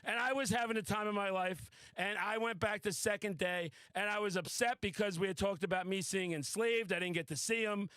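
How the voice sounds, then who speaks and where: A man hosting a podcast, telling a wild story in a casual, excitable, boastful way and swearing freely. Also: high-pitched, a little fast, few pauses, clean tone, dry recording. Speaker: podcast host. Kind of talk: casual chat.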